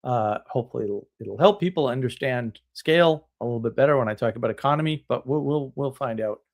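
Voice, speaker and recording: A man's voice: mid-range voice, fast talker. A man hosting a live stream, ranting in a casual, blunt and scornful way, with sarcastic laughs. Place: home, drinking tea on stream.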